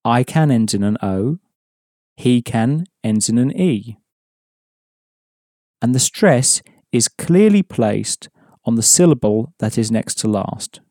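A man delivers a scripted language lesson in a mellow, relaxed voice. He explains patiently and slows down to make each example clear. The recording is close and dry. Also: fairly low pitch, no room sound. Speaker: language teacher.

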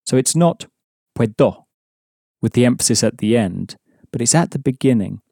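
A man delivers a scripted language lesson in a mellow, relaxed voice. He explains patiently and slows down to make each example clear. The recording is close and dry. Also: mid-range voice, no echo. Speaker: language teacher.

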